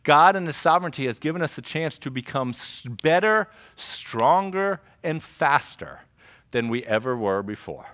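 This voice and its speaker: Animated middle-aged pastor, slightly high voice. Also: male voice, moderate pace. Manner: animated, joking, conversational preaching. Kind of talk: sermon. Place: church service before a congregation.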